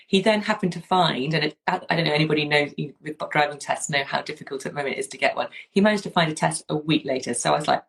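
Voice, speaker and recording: A woman's voice: low-pitched, brisk, gravelly, low-quality recording. A woman, hosting a casual chat and telling a story with many restarts and asides. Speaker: podcast host.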